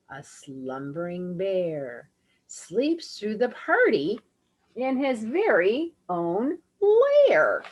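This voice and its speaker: A woman reading a picture book aloud to children in an animated, dramatic way, with gasps and asides. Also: a little high, slight background noise. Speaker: storybook reader.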